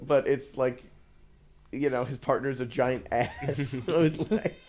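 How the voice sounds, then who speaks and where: A man's voice: medium pitch, steady tone, measured pace, a little mellow, a little hiss or hum. A young man joking and laughing as he comments on a video game with friends. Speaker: let's play commentator. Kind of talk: casual banter over gameplay.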